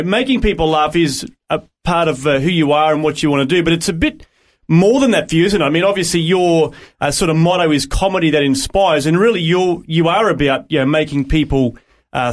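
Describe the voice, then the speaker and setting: A man hosting a radio interview, chatty and often hesitating with fillers. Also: a little high. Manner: chatty, hesitant with many ums. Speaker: radio host.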